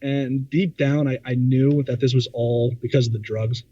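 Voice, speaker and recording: A man telling a personal story in a casual, halting way, often stammering and repeating words with many fillers. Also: medium pitch, fairly even intonation, warm tone, no room sound. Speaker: podcast guest. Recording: dull lo-fi sound.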